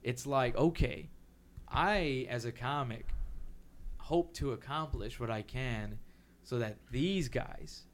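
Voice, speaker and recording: A man from Texas with a Texan accent, a comedian in a loose podcast chat. He talks with energy and swearing and drops into quick voices of other people. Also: mid-range voice, slight background noise. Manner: animated, profane, quick impressions of others.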